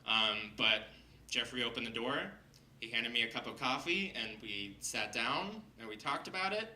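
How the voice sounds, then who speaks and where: Man, stage storyteller, lively swooping pitch, roomy hall sound, heard from a bit off mic. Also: normal speed, recorded from a distance, slight background noise. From Seattle. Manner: animated, laughing, acts out quoted voices. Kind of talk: live personal storytelling. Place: stage before a live audience.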